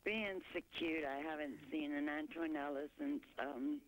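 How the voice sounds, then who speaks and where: A caller on a TV shopping show, speaking warmly and effusively with small stumbles and repeats over a phone line. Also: medium pitch, very animated, creaky, slight background noise. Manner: warm, effusive, slightly halting.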